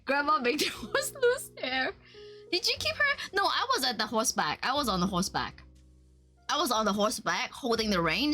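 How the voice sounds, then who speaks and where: A woman streamer chatting casually while she draws, telling a story in an animated way with frequent laughter. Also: high-pitched. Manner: animated storytelling, laughs often, voices quotes.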